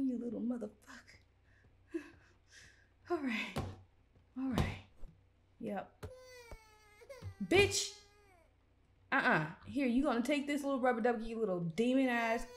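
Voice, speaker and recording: A woman's voice: on the high side, unhurried, pauses often, slight background noise. Profane, exasperated woman gamer. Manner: loud, profane, exasperated reactions. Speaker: gaming YouTuber. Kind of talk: horror game commentary.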